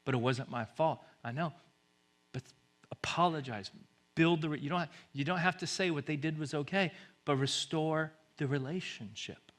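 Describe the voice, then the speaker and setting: Bright-voiced pastor preaching, loud then hushed. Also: male voice, moderate pace. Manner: swings from booming reading to hushed, soft-spoken appeals; stumbles and repeats words when pressing a point. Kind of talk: sermon.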